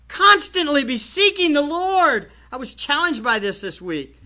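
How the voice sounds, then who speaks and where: Bright-voiced preaching pastor, lo-fi. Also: male voice, extremely high pitch, big pitch swings, unhurried, few pauses. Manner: emphatic preaching with rhetorical questions. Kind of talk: sermon. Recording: dull lo-fi church recording.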